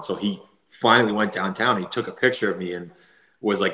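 Brief: low, quick-talking Canadian man, thirties, lively anecdotes, echoey room. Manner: animated anecdotes full of fillers and laughter. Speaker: guest, former hockey player. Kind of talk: casual storytelling.

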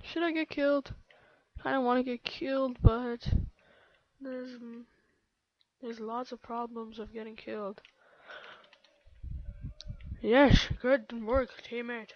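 A woman giving excitable, playful live gameplay commentary, sometimes slipping into baby talk, close to her microphone. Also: a little high, takes it slowly, long pauses, dry recording. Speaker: let's play gamer. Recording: dull lo-fi home mic.

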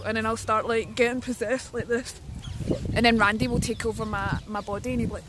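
Young woman, high voice, excitable, swears, shrieky streamer chat. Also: a little fast, noisy background. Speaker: livestreamer. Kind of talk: casual livestream chat.

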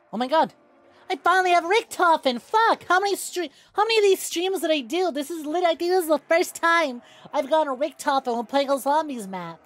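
High-voiced excitable woman streamer. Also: moderate pace. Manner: chatty, excitable, swears freely. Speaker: VTuber streamer. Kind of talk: casual gameplay stream chat.

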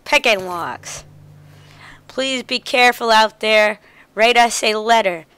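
A woman reading out the lines of a warm mother saying goodbye to her child in a video game. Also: a little high, slow, smooth. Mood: fond. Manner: read aloud from game dialogue.

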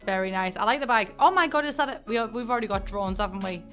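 A woman in her twenties with a Northern English accent, chatting excitedly as she reacts to a game trailer for her channel. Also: medium pitch, quick pace, faint music behind. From northern England. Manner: chatty, excitable, rambling asides. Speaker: gaming YouTuber.

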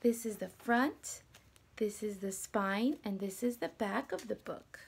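A young woman teacher reading a picture book aloud to children, gentle and dropping to whispers, asking them questions. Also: mid-range voice, takes it slowly, creaky, slight background noise.

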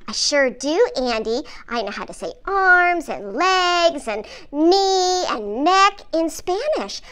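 A woman's voice: very high voice, sing-song, slow pace, a bit bright, full character voice. A woman voicing a cheerful little girl puppet who teaches in a sing-song, encouraging way in a children's puppet lesson. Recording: children's music playing behind.

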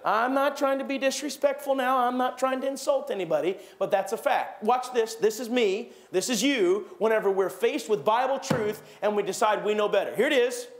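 A man preaching a sermon in a church, animated, acting out gossiping churchgoers with raised voices. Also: extremely high pitch, moderate pace, few pauses. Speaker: pastor. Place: church sanctuary.

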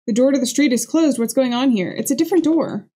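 A woman's voice: high voice, animated, fast, warm tone. A young woman giving jumpy, joking commentary as she plays a horror game and reads its dialogue aloud. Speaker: gaming video creator. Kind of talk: let's play commentary.

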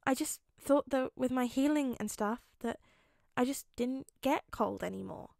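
A sheepish, earnest teenage boy hero , voiced by a woman, in a fan audiobook. The delivery sits a little high and the sound is dry and close. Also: a little slow, gravelly, a little mellow, no room sound. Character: young teen boy superhero, eager and sheepish.

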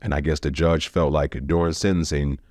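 A man's voice: very deep voice, fairly even intonation, brisk, a little mellow, dry recording, clean studio sound. A man telling his own story as a podcast guest, blunt and profane, with emotional swings. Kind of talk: candid personal storytelling.

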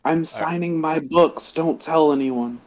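A man's voice: fairly high pitch, unhurried, highs cut off, close to an everyday voice. Man playing a cocky, sarcastic author hero. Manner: sarcastic and patient, with a laughing lilt.

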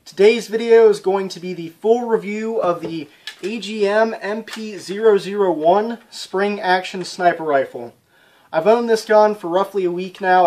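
A man's voice: high-pitched, darkish tone. A man casually reviewing an airsoft rifle for his channel, talking plainly with lots of ums and sounding a little out of breath. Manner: chatty, frequent ums, plainspoken. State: slightly out of breath.

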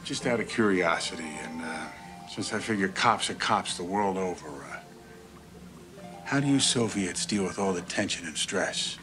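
A man's voice: low voice, lively intonation, moderate pace, music in the background. An actor playing a weary male American cop who asks a question in a laid-back, hesitant way in a film scene. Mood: curious. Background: film score.

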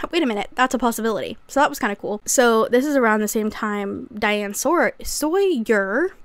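A woman's voice: on the high side, no room sound. A young woman recapping a memoir in a casual, chatty way, with sarcastic asides and acted-out quotes. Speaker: YouTuber.

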